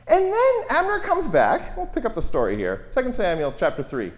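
A man giving an informal, wry Bible lecture, telling the story in a lively way and quoting the characters. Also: high voice, normal speed.

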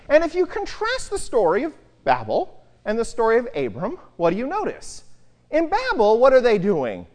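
A Bible teacher giving an animated talk and putting rhetorical questions to the listeners. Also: mid-range voice, a little fast. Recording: long hall reverb.

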